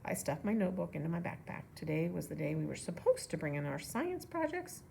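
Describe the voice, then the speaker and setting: Low, gravelly woman reading a storybook. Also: a little fast, slight background noise. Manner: relaxed, with casual asides to listeners. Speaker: reader. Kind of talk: reading a children's novel aloud.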